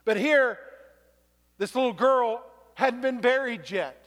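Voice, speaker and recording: A man preaching a sermon as pastor, moving from quiet reflection to shouted exhortation, in a church sanctuary. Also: very high voice, takes it slowly. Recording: long reverb of a large hall.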